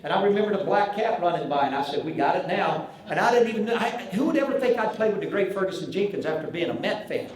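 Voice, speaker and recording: A man's voice: sits high, animated, quick pace, few pauses. A man in his sixties with a Southern US accent, telling a humorous story at a banquet and acting out the dialogue. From American South. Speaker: banquet speaker, former pitcher. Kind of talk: humorous after-dinner storytelling. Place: large banquet hall. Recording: very echoey banquet hall.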